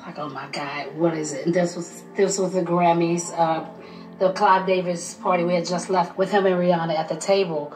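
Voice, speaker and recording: A woman's voice: lowish voice, level tone, normal speed, roomy sound, music in the background, rough recording. A woman, the mother, recounting in earnest during a documentary interview.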